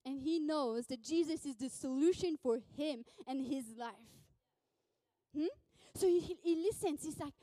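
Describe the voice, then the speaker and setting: A woman preacher tells a story in a lively way, slipping into voices and laughing along. Her voice is high and mellow. The recording is dry and close. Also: measured pace, no echo. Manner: animated, acts out voices, laughs often. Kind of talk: sermon storytelling.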